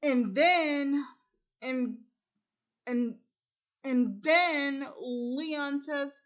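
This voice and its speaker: A woman with a high, light voice tells a film's story very slowly. She pauses often and keeps linking events with "and then." The delivery is casual and unscripted. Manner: halting, strings events with many repeated "and then". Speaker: host retelling a film plot. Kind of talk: casual plot retelling.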